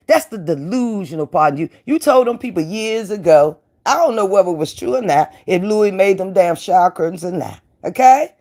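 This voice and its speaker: A woman hosting an online commentary show launches a taunting, profane rant at a rival, repeating her catchphrases. She speaks at a medium pitch.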